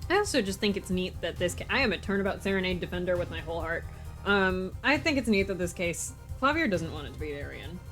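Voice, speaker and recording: A woman's voice: lowish voice, big pitch swings, quick pace, a bit bright, soft background music. A woman streamer chatting casually and giggling while playing a game, swearing now and then. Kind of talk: casual let's-play commentary. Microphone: desk mic.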